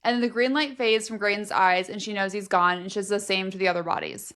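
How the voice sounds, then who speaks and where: A woman's voice: mid-range voice, steady tone, a little fast, fairly bright tone. A woman co-hosting a book podcast, summing up a novel's plot in casual chat and dropping in short dry reactions.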